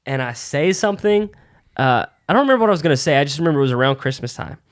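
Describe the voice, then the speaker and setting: A young man co-hosting a casual chat about stand-up comedy, telling animated stories and swearing freely. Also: on the high side, rapid-fire. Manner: animated storyteller, swears a lot. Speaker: podcast co-host, aspiring comedian.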